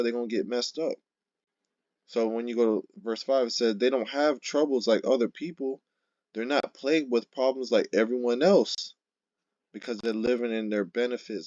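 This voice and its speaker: A man giving an informal sermon, reading scripture verses slowly and then driving points home emphatically with frequent "okay?" and "right?". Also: medium pitch, darkish tone, dry recording, dull audio. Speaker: street-style scripture teacher.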